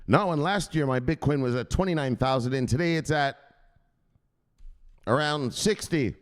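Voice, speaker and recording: A man hosting his own channel, ranting in hyped, profane vlog commentary and punctuating points with shouted exclamations. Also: fairly high pitch, normal speed. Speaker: crypto channel host.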